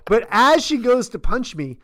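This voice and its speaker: An American man co-hosting a podcast, telling stories in a casual, laughing, animated way. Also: very high-pitched, moderate pace. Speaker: podcast co-host. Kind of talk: casual chat, storytelling.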